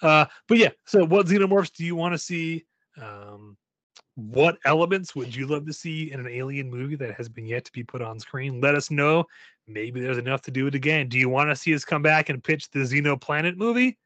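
A man's voice: a little high, brisk, a bit bright, no room sound. A man co-hosting a casual chat about movies, playful and joking, wrapping up the episode for listeners. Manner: playful, wraps up like a host. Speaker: podcast co-host.

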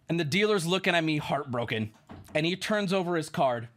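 A man streaming, telling an animated story to his chat and friends, shouting at the high points and dropping low to mimic others. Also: brisk. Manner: excitable, shouts at the big moments, drops into gruff voices for others.

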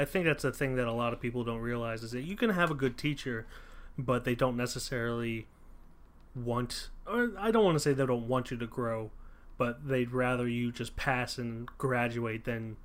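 A man's voice: mid-range voice, a bit bright. A man co-hosting a casual film review chat, thoughtful and loose, with plenty of fillers and restarts. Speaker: podcast co-host reviewing a film.

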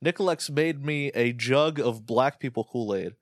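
A man's voice: mid-range voice, no room sound, clean studio sound. A man telling crude, joking stories in casual chat with a co-host. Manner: crude, joking, fast storytelling. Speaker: podcast co-host.

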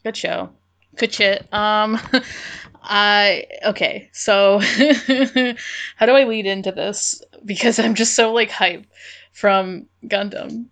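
A young woman co-hosting a podcast, chatting casually and excitedly, gushing and swearing freely. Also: medium pitch, slow pace. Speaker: podcast co-host. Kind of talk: casual chat.

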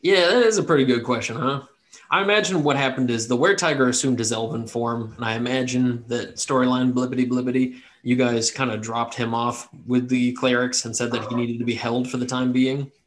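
A man narrating a tabletop game as game master, relaxed and joking. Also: mid-range voice, fairly quick.

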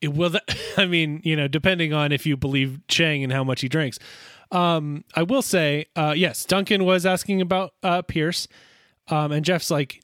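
A man's voice: a little high, fairly even intonation, normal speed, a bit bright, no echo, clean studio sound. A man co-hosting a podcast, chatting casually and teasing his co-host while recapping an episode.

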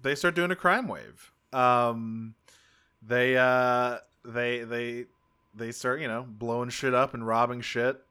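A man's voice: medium pitch, steady tone, takes it slowly, sharp tone, smooth. A man co-hosting a podcast, casually recapping a cartoon episode in a rambling, self-correcting way with offhand swearing. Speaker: podcast co-host.

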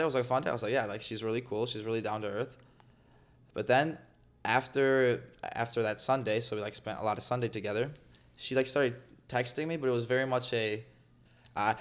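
A young man chats casually as a podcast guest, winding through an anecdote full of fillers and restarts. His voice sits at an ordinary middle pitch. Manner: rambling storyteller, many fillers. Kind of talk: casual chat.

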